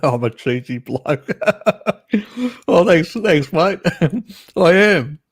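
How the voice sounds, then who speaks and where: A man's voice: fairly high pitch, animated, extremely slow. A man hosting a casual live stream, chatting with viewers in a teasing, cheeky way and laughing often.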